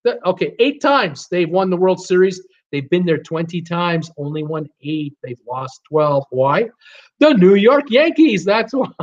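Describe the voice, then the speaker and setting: Chatty man hosting a live trivia stream, slightly higher voice, dull lo-fi audio, lots of ums. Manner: chatty, reads viewer names and answers, frequent uh fillers. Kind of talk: casual live-stream chat.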